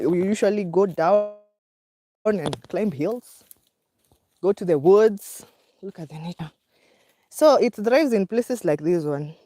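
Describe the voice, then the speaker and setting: A Kenyan woman talks slowly in a low, mellow voice while walking outdoors with her dog. She is out of breath and chatty, with many fillers and small laughs. The sound is dry and close. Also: no room sound. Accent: Kenyan English. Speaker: vlogger. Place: outdoors on a walk, hills and woods.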